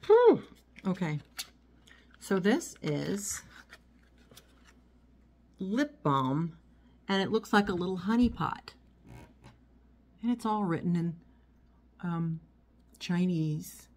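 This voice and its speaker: A woman's voice: lowish voice, animated, takes it slowly, pauses often. A woman chatting casually as she unboxes and shows a haul of small items at home, rambling as she goes. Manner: chatty, rambling, talks while handling items. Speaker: vlogger. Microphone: phone. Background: crinkling packaging.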